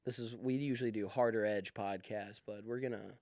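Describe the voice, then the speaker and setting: A man's voice: on the low side, steady tone, brisk, darkish tone, no room sound, clean studio sound. A man co-hosting a comedy podcast, joking around, swearing casually and laughing often. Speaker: podcast co-host.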